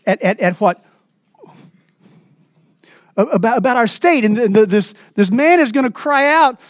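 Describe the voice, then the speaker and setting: A man preaching a sermon as pastor in a church, earnest and emphatic, moving between raised passages and hushed asides. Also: very high-pitched, no echo.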